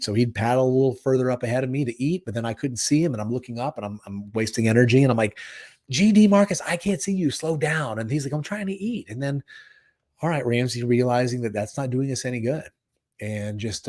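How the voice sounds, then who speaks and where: Man, hoarse and strained voice, earnest motivational talk, middle pitch, rambling live stream. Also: darkish tone. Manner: earnest, rambling and emotional, with restarts. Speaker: podcast host. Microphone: live stream microphone.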